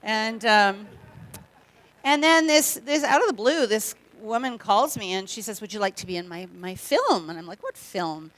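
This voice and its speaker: A woman's voice: mid-range voice, lively intonation, moderate pace, few pauses, fairly bright tone. A middle-aged Canadian woman, a guest speaker giving a humorous testimony talk in a church, chatty and joking, acting out quoted voices.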